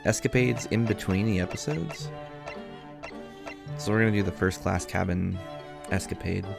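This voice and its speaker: Laid-back, chatty male game streamer, low and gravelly. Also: moderate pace. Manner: easygoing, chatty, hums to himself. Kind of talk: casual gameplay chat. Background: music.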